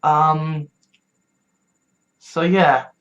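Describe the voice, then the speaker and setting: Young British vlogger, slow heated delivery, sarcastic, swears a lot, stuffy-nosed, mid-pitched. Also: fairly even intonation, lo-fi sound. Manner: swears freely, heated and sarcastic, rising to shouting. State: stuffy nose. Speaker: political vlogger. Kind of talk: ranting political vlog.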